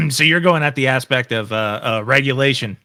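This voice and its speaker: A man playing a tabletop game, measured and thinking aloud as he decides his moves. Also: mid-range voice, sharp tone, no echo. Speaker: player. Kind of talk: casual tabletop game chat.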